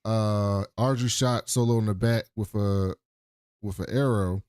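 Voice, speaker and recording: A man's voice: on the low side, steady tone, measured pace, darkish tone, clean tone, dry recording, studio quality. A man co-hosting a podcast, casually recapping a TV episode in a loose, profane storytelling way. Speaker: podcast co-host.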